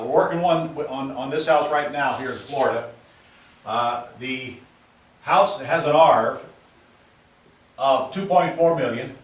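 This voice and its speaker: A man's voice: mid-range voice, fairly bright tone. A man teaching real estate investing in a folksy, emphatic seminar style, stretching out key words for emphasis. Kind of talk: seminar-style sales talk to camera. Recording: roomy, from a distance.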